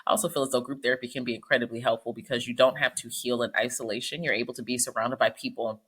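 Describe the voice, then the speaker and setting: Low husky-voiced woman, talks a mile a minute, casual advice chat. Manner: fast, animated storytelling. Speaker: psychologist.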